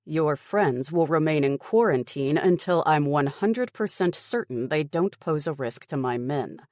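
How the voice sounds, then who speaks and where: A woman voicing a stern, brisk middle-aged male army major in an audiobook, speaking in clipped, firm, dismissive tones. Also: low-pitched, animated, a little mellow, dry recording, studio quality. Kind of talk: audiobook character voice.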